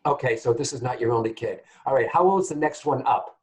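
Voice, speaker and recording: A man's voice: medium pitch, brisk, low-quality recording. Chatty male psychic radio host. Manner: chatty, animated, addresses audience as guys. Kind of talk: call-in psychic reading.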